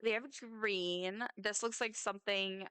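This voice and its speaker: A woman's voice: mid-range voice, steady tone, a little slow, bright, forceful tone, clear, resonant tone, dry recording. A young woman, rambling casually and joking at herself while she streams a game. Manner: chatty, rambling, self-mocking asides. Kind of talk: casual live-stream chat while gaming.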